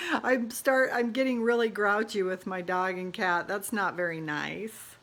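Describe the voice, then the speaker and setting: A middle-aged realtor films herself on her phone while remodeling her own house, chatting casually indoors amid the renovation. Her mid-range voice is unhurried and fairly bright, and she sounds tired and burnt out, rambling with frequent laughs and exasperated asides.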